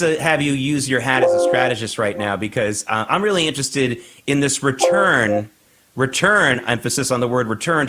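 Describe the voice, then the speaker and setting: A man's voice: mid-range voice, pushed and bright. A man hosting a morning news show, giving emphatic, indignant commentary.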